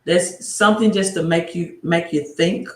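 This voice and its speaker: A woman's voice: on the low side, steady tone, moderate pace. A woman hosting a casual livestream about money, rambling, greeting viewers by name and asking rhetorical questions. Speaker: livestream host giving financial advice. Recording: roomy echo.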